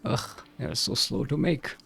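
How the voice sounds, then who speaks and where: A man's voice: mid-range voice, very animated, normal speed, gravelly, a bit bright, faint music behind. Man muttering through casual gameplay. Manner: thinks aloud, mutters and swears casually. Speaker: streamer playing a factory-building game.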